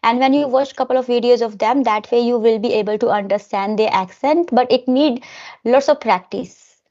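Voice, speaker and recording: Fast-talking Indian-accented woman. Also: fairly high pitch, a little mellow. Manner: talks fast. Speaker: English teacher and YouTuber. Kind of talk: casual conversation. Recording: dull, muffled call audio.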